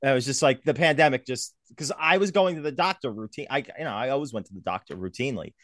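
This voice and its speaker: A man's voice: medium pitch, fast, dry recording, clean studio sound. A man hosting a podcast interview, chatting casually and telling stories animatedly, acting out the voices of other people. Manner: animated storyteller, acts out quotes. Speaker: podcast host.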